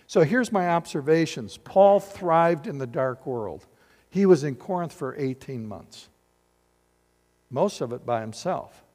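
Man, pastor, sermon, high-pitched, rhetorical questions, church hall with long echo. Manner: animated, rhetorical questions to the congregation. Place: church sanctuary.

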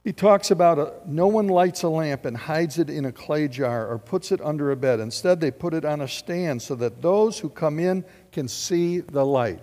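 A man, a pastor preaching a lively, conversational sermon full of rhetorical questions. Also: fairly high pitch, normal speed, hardly any pauses, in a large hall, faint music behind.

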